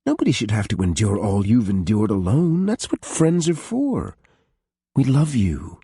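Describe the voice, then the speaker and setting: A man's voice: lowish voice, sing-song, unhurried, warm tone, slightly rough, no room sound, clean studio sound, pitched above the performer's own voice, exaggerated voice. A man voicing a blunt, fiercely protective young woman friend in an audiobook, talking firmly. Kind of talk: audiobook character voice.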